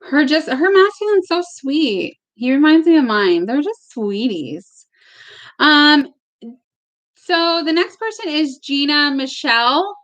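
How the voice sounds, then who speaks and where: A woman's voice: sits high, animated, takes it slowly, fairly bright tone. A woman giving live-stream tarot readings at home, chatty and casual, sometimes emotional, with the odd swear word. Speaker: tarot reader. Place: home with barking dogs.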